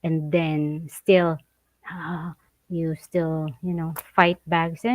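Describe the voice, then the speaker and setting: A woman talks slowly and deliberately in a casual vlog chat, animated and often laughing. Her voice sounds close and dry with no room around it, and a little dull and muffled. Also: low voice, no room sound. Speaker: vlog co-host. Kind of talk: casual chat reading viewer comments.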